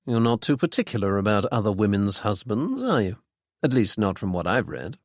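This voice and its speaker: A man voicing a young gentleman sleuth in an audiobook, speaking with dry, ironic politeness. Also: on the low side, very animated, fairly quick, dry recording. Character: wry young gentleman sleuth, bland and teasing.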